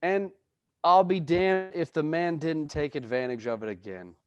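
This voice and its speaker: High-voiced man ranting about sports. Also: normal speed, clear, resonant tone, dry recording, lo-fi sound, soft background music. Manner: opinionated, emphatic ranting. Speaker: podcast co-host. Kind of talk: casual sports chat.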